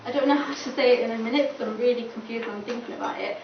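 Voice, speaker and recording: A young woman, a student campaigner, speaks rapid-fire in a highish voice during a chatty panel talk, leaning heavily on "like" and acting out quoted dialogue. The recording is distant, echoey, dull and noisy, captured in a room.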